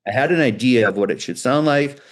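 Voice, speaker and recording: A middle-aged man, a guitar builder, chatting as a guest in an interview and telling animated, loose stories with frequent restarts. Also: medium pitch, fairly quick. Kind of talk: casual storytelling interview.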